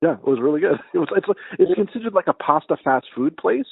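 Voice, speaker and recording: A mumbling man with a slightly nasal, somewhat husky voice, chatting loosely and cursing as he goes. His voice sits a little high for a man. It comes through a tinny, phone-like line with no room sound. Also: animated, fast talker, dry recording. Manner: swears freely, laughs at himself. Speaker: podcast co-host. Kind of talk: casual chat. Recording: tinny phone-like call audio.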